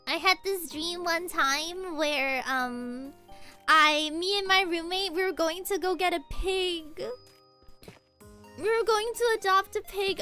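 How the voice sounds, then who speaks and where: A woman's voice: very high-pitched, bright, forceful tone. A young woman streaming a game from home, chatting and rambling about her dreams with laughs and squeals while she plays. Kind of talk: casual gaming stream chat.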